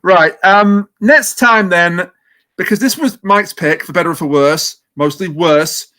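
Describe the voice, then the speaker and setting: A man's voice: high voice, a little slow, sharp tone. A man hosting a podcast in casual chat, giving blunt opinions. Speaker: podcast host.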